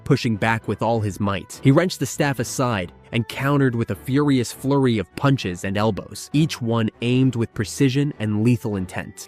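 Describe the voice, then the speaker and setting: A man reading a scripted fan-fiction action story in a steady, dramatic narrating manner. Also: on the low side.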